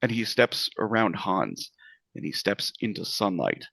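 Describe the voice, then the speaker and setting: A man's voice: on the low side, big pitch swings, measured pace, creaky, a bit bright, no echo. A man narrating a tabletop game as game master, in a loose style with many fillers.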